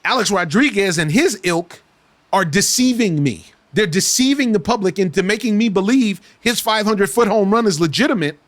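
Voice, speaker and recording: Impassioned man with a high voice. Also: a bit bright. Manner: impassioned, repetitive, restarts phrases. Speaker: podcast guest. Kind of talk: casual talk show discussion.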